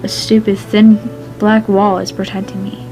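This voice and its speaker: A woman reads a story aloud at an ordinary pitch, now and then stumbling over a word. Soft music runs behind her. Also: flat delivery, normal speed, low-quality recording. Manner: plain reading, with some stumbles. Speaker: fan fiction reader.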